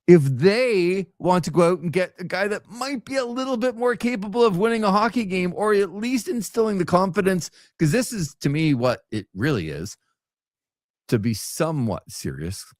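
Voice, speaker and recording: A man co-hosting a sports show, chatting casually in an animated, jokey way and repeating phrases for effect. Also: high-pitched, no echo, studio quality.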